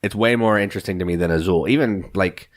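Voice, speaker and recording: A man's voice: low-pitched, fast. A man co-hosting a podcast in casual chat, speaking in an emphatic, opinionated way. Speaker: podcast co-host.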